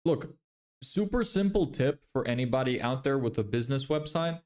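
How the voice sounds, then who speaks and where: A man's voice: medium pitch, animated, normal speed, darkish tone. A man livestreaming his screen, muttering blunt critiques of websites in a casual, neutral-sounding accent. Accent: neutral, often heard as American. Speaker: business vlogger.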